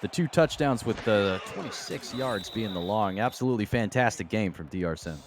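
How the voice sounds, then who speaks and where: A man's voice: on the low side, expressive, moderate pace, background noise. A man giving color commentary on a simulated football game in a folksy way, full of exclamations. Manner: folksy, leans on exclamations like "boy, oh boy". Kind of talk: live esports football commentary.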